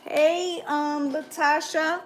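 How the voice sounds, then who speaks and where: A woman with a high voice talks through a tarot spread in a loose, casual way. She is blunt and profane, and she peppers her points with "right?" and "okay?". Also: fairly even intonation, slow pace, a little hiss or hum. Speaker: tarot reader. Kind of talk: casual tarot reading with commentary.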